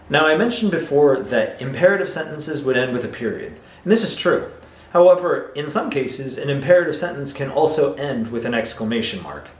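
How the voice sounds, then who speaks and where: A man's voice: medium pitch, lively intonation, normal speed. A man teaching a video lesson on English grammar, explaining patiently and acting out example sentences. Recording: roomy echo, faint noise.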